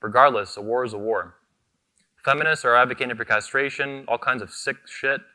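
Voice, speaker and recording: Man, convention keynote, combative, profane, punchy repeated lines, sharp bright voice. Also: mid-range voice, brisk. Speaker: keynote speaker, convention founder. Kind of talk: fiery convention keynote speech. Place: convention venue stage.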